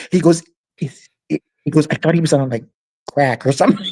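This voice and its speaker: A podcast co-host tells a story in casual conversation, laughing often and acting out what other people said. His voice is a little high and a little mellow, and he talks briskly.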